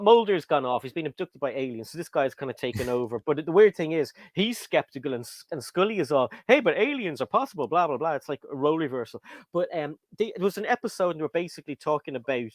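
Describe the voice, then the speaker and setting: A man's voice: a little high, no room sound. A man with a British accent hosting a casual livestream chat, rambling and reading viewer comments aloud. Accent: British English. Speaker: livestream host.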